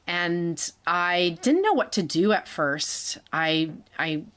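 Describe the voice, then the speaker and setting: A woman in her forties telling her own story in a halting way, with restarts and small laughs. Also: lowish voice, expressive, fairly bright tone. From Canada. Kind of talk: personal storytelling.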